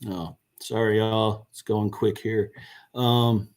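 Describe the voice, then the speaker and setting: Indoors by a seed box, a gardening channel host chats casually on a live stream, answering viewer questions and correcting himself as he goes. His voice is on the low side and darkish, with a flat, slow delivery.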